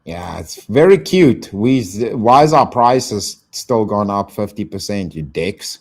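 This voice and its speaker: Low-voiced, slangy man streaming live. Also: animated, slow, few pauses, a little mellow. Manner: slangy, swears, thanks chat donors. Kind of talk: casual live-stream chat.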